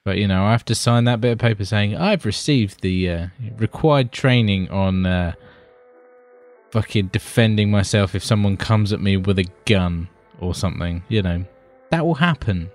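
A British man co-hosts a podcast in casual chat, rambling, swearing, and repeatedly calling his co-host buddy, with faint music playing behind him. His voice sits on the low side, with lively intonation at normal speed.

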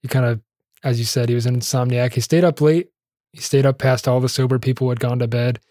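A man's voice: medium pitch, steady tone, fast talker, dark tone, no echo, clean studio sound. A man co-hosting a casual history podcast, chatty and jokey, laughing often between facts. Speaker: podcast co-host.

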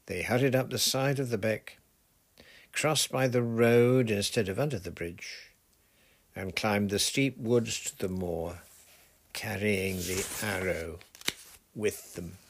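A man narrating a children's adventure novel in a steady, measured storytelling voice. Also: lowish voice. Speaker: audiobook narrator. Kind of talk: scripted narration.

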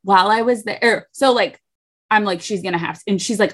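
This is a young woman co-hosting a chatty podcast. She tells family gossip in a lively storytelling way and voices each quoted person as she goes. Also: mid-range voice, brisk. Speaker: podcast co-host. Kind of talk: casual chat.

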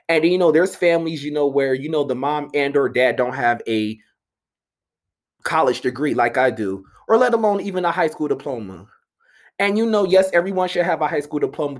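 A young man in an animated, profane, exasperated rant, slipping into mocking voices. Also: mid-range voice. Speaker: commentator. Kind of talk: ranting monologue.

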